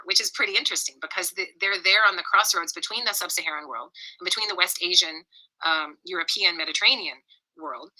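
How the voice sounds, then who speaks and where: A woman explaining in a measured, lecture-like way, with frequent ums. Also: lowish voice, bright, forceful tone, rough recording. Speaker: scholar in a played clip.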